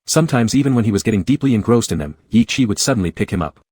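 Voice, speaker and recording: Husky low male narrator. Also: expressive, rapid-fire, darkish tone, no echo. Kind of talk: scripted narration of a romance comic.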